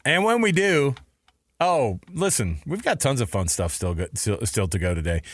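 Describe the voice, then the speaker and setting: A sports radio host from Texas, talking in a playful, jokey way and often putting on silly voices. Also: male voice, mid-range voice, sing-song, normal speed, fairly bright tone, dry recording. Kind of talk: casual sports talk.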